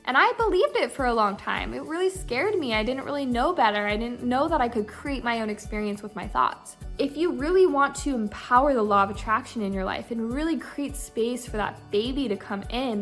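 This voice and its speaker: Upbeat young woman vlogging, kinda high voice, chatty, faint music under it. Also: fairly bright tone. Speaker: lifestyle vlogger. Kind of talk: casual talk to camera.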